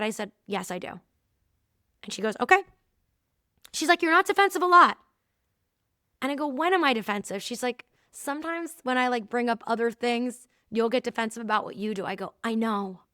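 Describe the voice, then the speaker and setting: A woman's voice: fairly high pitch, smooth, no room sound, studio quality. A woman, hosting a casual solo talk show and telling workplace stories, acting out the voices of the people in them. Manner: lively storytelling, acting out quoted dialogue. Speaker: podcast host.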